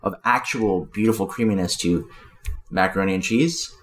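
A man's voice: low-pitched, moderate pace, slight background noise. A man co-hosting a casual podcast, arguing his points with heavy swearing and emphatic enthusiasm. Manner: profane, emphatic, animated arguing. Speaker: podcast co-host. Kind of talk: casual chat.

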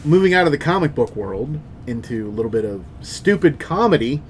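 A man's voice: mid-range voice, very animated, a little fast, a little hiss or hum. A man co-hosting a pop culture podcast who drops dry, skeptical remarks and steers the topic. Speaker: podcast co-host. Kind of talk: casual pop culture chat.

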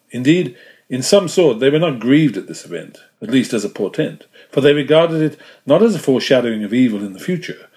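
A man reading a classic novel aloud as an audiobook narrator, measured and dropping softly at the ends of phrases. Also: medium pitch. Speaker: audiobook reader.

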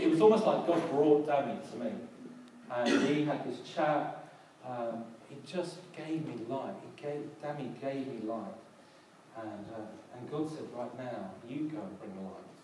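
A pastor preaches a sermon in a halting way, often restarting and filling pauses with um. He sounds far from the mic in a very echoey hall. There is noise behind him. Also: medium pitch. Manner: hesitant, many ums and restarts. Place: church hall.

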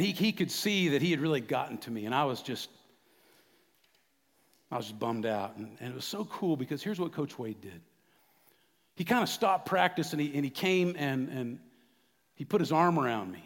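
A middle-aged man preaching a sermon, swinging between quiet, confiding moments and loud, fervent outbursts. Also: medium pitch, expressive, normal speed, long reverb tail. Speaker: pastor.

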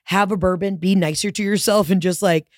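A woman's voice: medium pitch, fairly even intonation, a little mellow, dry recording, studio quality. A woman comedian guesting on a podcast, brash and profane in casual chat. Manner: brash, profane, fast-talking.

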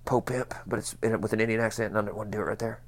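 A man's voice: on the low side, little pitch movement, racing. A man co-hosting a comedic podcast, rambling through jokes with lots of fillers and restarts. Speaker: podcast co-host.

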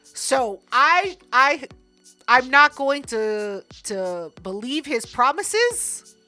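A woman's voice: high voice, big pitch swings, very slow, sharp tone, faint music behind. A young woman co-hosting a casual podcast, teasing her co-host with dry comebacks.

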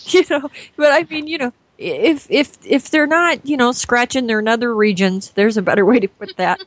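A woman on a casual podcast, cracking crude jokes and then quickly apologizing. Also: a little high.

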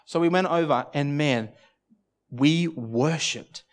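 A man preaching a sermon at a church service, telling a personal story in an earnest, halting way with many restarts. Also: on the high side. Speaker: pastor.

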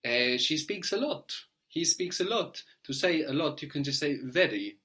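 A man teaching a language lesson, patiently prompting his student and spelling words out letter by letter, often checking with a quick "no?". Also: on the high side, expressive, sharp tone.

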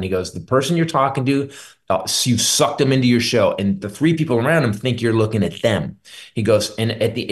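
A middle-aged man with a lowish voice talks as a comedian guest on a radio show. He tells rambling, candid stories in a loose, unguarded way. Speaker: stand-up comedian.

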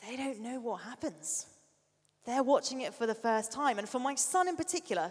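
A middle-aged woman preaching a sermon, an animated storyteller who sometimes drops to a soft near-whisper. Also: on the high side. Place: church hall. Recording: long reverb of a large hall.

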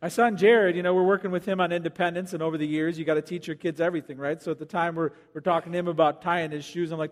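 A man preaching a sermon as pastor in a church, animated and joking with the congregation, now and then acting out quoted voices. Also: on the high side, quick pace, hardly any pauses. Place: church auditorium. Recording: long hall reverb.

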